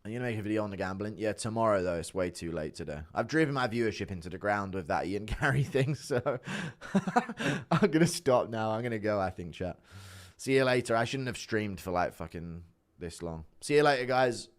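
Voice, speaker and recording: A man's voice: fairly low pitch, animated, brisk. A man streaming live, reading and answering chat in a blunt, profane way and laughing often. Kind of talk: casual livestream chat.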